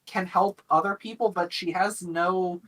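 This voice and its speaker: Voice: mid-range voice, steady tone, a little slow, fairly bright tone, poor audio. A tabletop game player explaining a character's choices at length in a chatty way.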